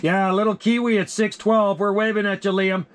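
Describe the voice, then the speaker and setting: A man working a CB radio, calling out call signs in a relaxed, friendly way. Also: high-pitched, normal speed. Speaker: CB radio operator. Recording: loud radio static hiss.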